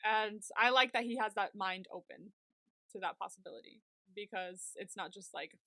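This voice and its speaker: A woman's voice: medium pitch, moderate pace, pushed and bright, dry recording. A young woman co-hosting a podcast, animatedly retelling a TV episode in casual chat, full of "like" and fillers. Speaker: podcast co-host.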